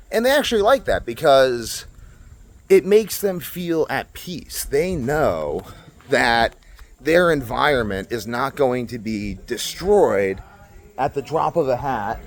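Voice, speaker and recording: Young male vlogger, outdoors; blunt, sarcastic, very lively pitch. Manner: blunt, animated ranting with sarcastic asides. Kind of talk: casual monologue to camera. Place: outdoors at a resort.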